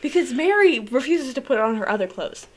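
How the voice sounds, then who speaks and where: A woman's voice: high-pitched, fairly quick. A woman co-hosting a casual podcast, telling a story animatedly and acting out each person's voice. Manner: animated, acts out each voice in her story, laughs often. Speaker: podcast co-host.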